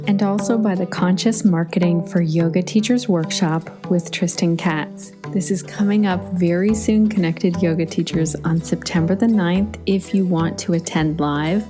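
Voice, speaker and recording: A woman's voice: fairly low pitch, moderate pace, few pauses, music in the background. A middle-aged woman hosting a solo podcast, chatty and storytelling, laughing easily. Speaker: podcast host.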